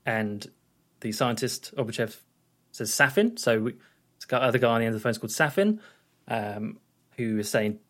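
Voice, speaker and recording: A man's voice: fairly low pitch, normal speed, fairly bright tone. A man co-hosting a podcast, casually recapping a film scene by scene in a rambling way, with plenty of fillers and restarts. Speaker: podcast co-host.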